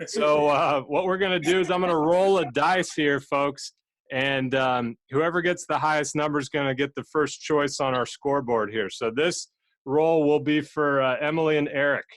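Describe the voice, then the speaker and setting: A man runs a casual game show over a video call. He is chatty and loose, and his voice sits a bit high for a man. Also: normal speed. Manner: relaxed, chatty, with frequent fillers.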